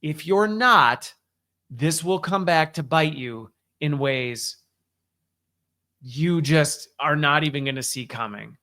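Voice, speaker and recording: A man's voice: on the high side, slow, pushed and bright. A man hosting a weekly update show, talking casually and emphatically with frequent restarts. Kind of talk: casual solo commentary.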